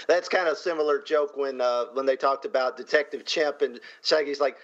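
Male podcaster, chatty and laughing, bright voice, muffled sound. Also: medium pitch, moderate pace. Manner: chatty, laughs between points. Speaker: podcast co-host. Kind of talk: casual panel chat.

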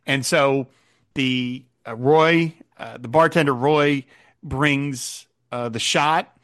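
A man's voice: mid-range voice, slow, fairly bright tone. A man co-hosting a podcast, animatedly recapping a TV episode in casual chat and retelling scenes with quoted lines. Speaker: podcast co-host.

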